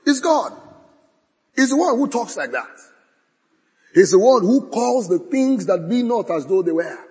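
A man's voice: high voice, big pitch swings, measured pace. Emphatic male preacher in a reverberant hall. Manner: emphatic, dramatic swings from loud declarations to hushed asides, recites scripture. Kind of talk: sermon.

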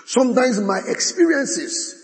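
A man preaching a sermon, swinging from bold declarations to hushed asides and reciting scripture. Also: very high voice, animated, measured pace. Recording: long hall reverb.

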